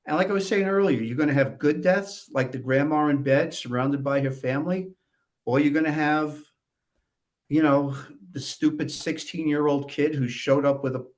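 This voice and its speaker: A man's voice: a little high, normal speed. A man from New York, a guest on a podcast, telling stories from death investigations in a matter-of-fact way, often adding "you know.". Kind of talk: casual storytelling conversation.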